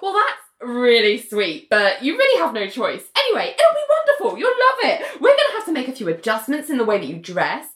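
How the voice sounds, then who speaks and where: A woman's voice: wildly swooping pitch, brisk, few pauses, a bit bright. A woman voicing a pushy, overexcited middle-aged woman activist who gushes and bosses people around. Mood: gushing, pushy. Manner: gushing, bossy, high-pitched. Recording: roomy echo.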